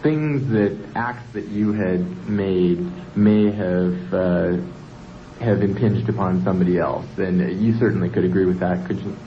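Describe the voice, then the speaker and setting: Man, interviewer, very deep voice, hesitant, pauses and restarts, muffled archival recording, faint hiss. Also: fairly even intonation. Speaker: radio interviewer. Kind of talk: interview questions. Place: prison interview room. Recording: dull lo-fi archive tape.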